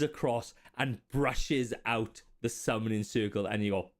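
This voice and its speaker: A man's voice: on the low side, moderate pace, hardly any pauses. A man with an Australian accent running a tabletop game as dungeon master, narrating and laughing often. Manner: laughs often, lively storytelling.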